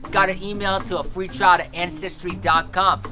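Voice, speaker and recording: A man's voice: sits high, fairly even intonation, moderate pace, pushed and bright, soft background music. A young man playing a white teenage boy who poses as a street thug, slangy and swaggering. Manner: slangy, swaggering, calls everyone dog and G. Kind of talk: comedy sketch.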